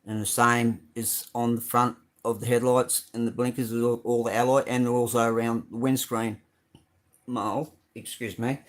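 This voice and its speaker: Rambling through his model car builds on a casual live stream, this middle-aged Australian host says um a lot and greets viewers by name. He speaks at normal speed in a mid-range voice with a flat delivery.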